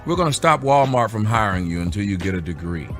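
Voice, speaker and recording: A man hosting an interview, talking in a relaxed, easygoing way that turns animated when he jokes. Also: lowish voice, quick pace, faint music behind. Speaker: host. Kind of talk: casual interview.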